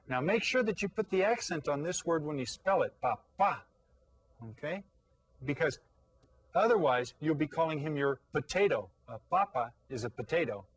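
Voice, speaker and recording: A man's voice: on the high side, dry recording, poor audio. Patient man teaching children, dry sound. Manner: patient, questioning, slow on each Spanish word. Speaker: Spanish teacher. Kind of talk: recorded classroom lesson for children.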